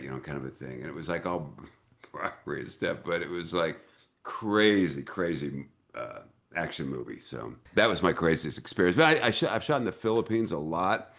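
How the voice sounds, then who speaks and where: An older American man, an actor and director, telling lively anecdotes in an interview and acting out the voices in them. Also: low voice, fairly quick, gravelly. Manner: animated storyteller who acts out quoted voices. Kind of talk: casual interview storytelling.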